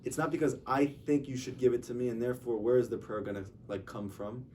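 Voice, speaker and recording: A man's voice: medium pitch, fast, a little mellow. A man, a rabbi, giving an informal religious lecture, talking conversationally and acting out stories with dialogue. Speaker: rabbi teaching a class. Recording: distant mic with faint noise.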